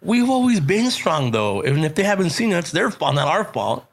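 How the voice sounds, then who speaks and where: A man with a Chicano English accent telling stories in a casual chat, animated, swearing and laughing. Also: a little high, moderate pace, gravelly. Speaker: podcast guest, actor and comedian.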